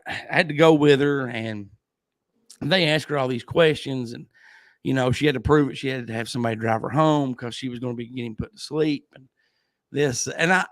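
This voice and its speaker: A man's voice: medium pitch, fairly bright tone, no room sound. A man hosting a casual livestream chat, telling rambling stories and laughing often. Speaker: podcast host.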